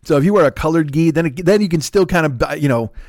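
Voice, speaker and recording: Profane, animated Chicago-tinged man. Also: a little high, fast talker, no echo, clean studio sound. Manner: animated, swearing, laughing storyteller. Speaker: podcast host. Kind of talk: profane casual storytelling.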